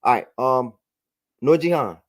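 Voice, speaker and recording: A man's voice: mid-range voice, animated, unhurried. A man teaching a religious class over a broadcast, often saying "all right" and checking that his student follows along.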